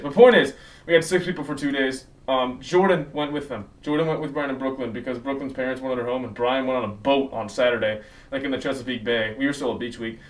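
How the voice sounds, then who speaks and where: Teen male vlogger, slangy and self-correcting, recorded a little far from the camera mic. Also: medium pitch. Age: late teens. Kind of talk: casual storytelling to camera. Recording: slightly distant mic, faint noise.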